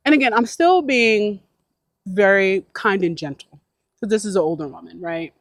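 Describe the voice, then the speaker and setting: A woman vlogger in a chatty, animated storytelling mood. Her voice sits in a middle register and sounds close and dry. She talks casually to her viewers with plenty of filler words. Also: medium pitch, normal speed, no echo. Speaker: van life vlogger.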